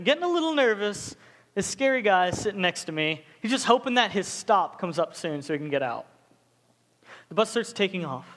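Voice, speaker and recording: A young man preaching a casual, joking sermon to students as a youth pastor, telling stories with animated asides. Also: high voice, in a large hall.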